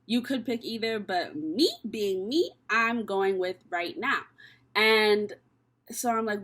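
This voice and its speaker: A woman's voice: medium pitch, very animated, measured pace, fairly bright tone. A young woman from Canada doing a casual tarot reading and talking candidly, with plenty of swearing, as she thinks aloud. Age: young adult. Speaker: tarot reader.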